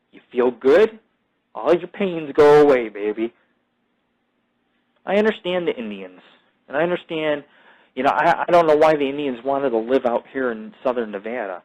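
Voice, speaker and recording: A man's voice: mid-range voice, highs cut off. A man hosting his own show in a rambling, casual monologue. He swears freely, wanders off topic and restarts his sentences. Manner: profane, digressive, self-mythologizing; halting restarts and repeated fillers. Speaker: podcast host.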